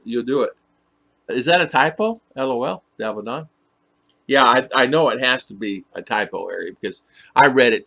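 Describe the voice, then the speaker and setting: A man's voice: medium pitch, bright, forceful tone. A man hosting a casual live stream, reading viewers' comments aloud and teasing them in a chatty way. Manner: teasing, chatty, laughs often.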